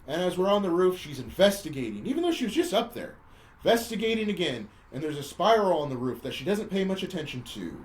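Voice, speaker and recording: A man's voice: high-pitched, very animated, fast talker. A man hosting a podcast, casually retelling a movie's plot in a rambling, chuckling way. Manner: rambling, chuckling storyteller with restarts. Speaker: podcast host.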